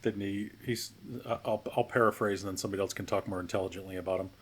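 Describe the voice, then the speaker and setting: A man's voice: low-pitched, fairly even intonation, quick pace, slightly rough. A man co-hosting a podcast, chatting casually in a hesitant, self-deprecating way. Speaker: podcast co-host. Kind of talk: casual chat.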